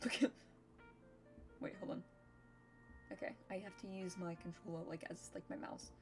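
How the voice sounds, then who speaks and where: A woman's voice: lowish voice, steady tone, normal speed, darkish tone, soft background music. A woman streamer chatting casually and giggling while she plays and thinks aloud. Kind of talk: casual game commentary.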